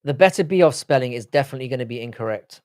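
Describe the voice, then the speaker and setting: A man's voice: medium pitch, expressive, very fast, a little mellow. Crude, bantering man with a London accent. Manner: banter-heavy, crude, reads chat aloud. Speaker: livestream host. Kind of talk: casual live-stream chat.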